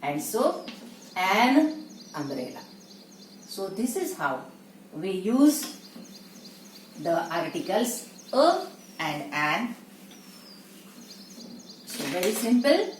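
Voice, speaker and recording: A woman teaching a grammar lesson, who explains slowly and checks in with her listeners. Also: medium pitch, big pitch swings. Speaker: English teacher. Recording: echoey room, distant mic, faint noise.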